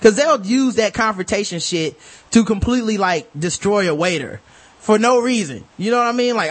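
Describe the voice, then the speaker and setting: A man co-hosting a casual podcast chat, animated and profane, acting out other people's lines as he talks. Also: sits high, moderate pace. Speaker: podcast co-host.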